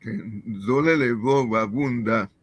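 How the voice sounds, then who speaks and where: A man with a middle-pitched voice repeats practice phrases in a language class, careful and brief. He answers when called on and keeps it short. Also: measured pace. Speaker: language student.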